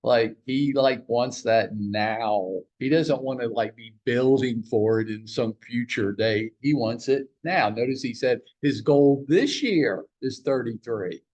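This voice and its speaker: A man's voice: medium pitch, measured pace, hardly any pauses, a little mellow, muffled recording. A man leading a team training huddle, joking and teasing as he fires questions at the room. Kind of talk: live training talk to a room.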